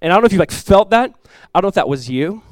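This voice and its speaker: A young man preaching a sermon as a pastor, telling stories in a casual, animated way with many asides. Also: sits high, very fast, no echo.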